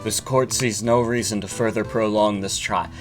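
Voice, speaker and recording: A woman's voice: a bass voice, steady tone, moderate pace, music in the background. A woman doing a stern old judge. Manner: formal, pronouncing rulings. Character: stern elderly male judge.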